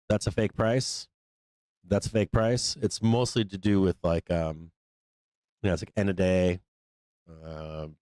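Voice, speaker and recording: Low-voiced guy rambling about the market on his live stream, swears a lot, dry close mic. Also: a little mellow, no echo. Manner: loose, profane, rambling with fillers. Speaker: trading show host.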